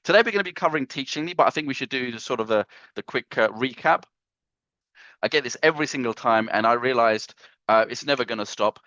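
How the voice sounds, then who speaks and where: A man's voice: medium pitch, fast, sharp tone, no echo. A man hosting a live online training session, greeting viewers by name and joking theatrically. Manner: playful, joking, theatrical self-mockery. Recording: dull lo-fi dry sound.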